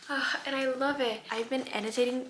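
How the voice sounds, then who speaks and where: A woman in her early twenties chatting casually about a book she is reading, gushing and animated, sometimes dropping her voice to a near-whisper. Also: sits high, a little fast, slight background noise. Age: 20s. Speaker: booktuber reading vlogger. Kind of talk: casual chat.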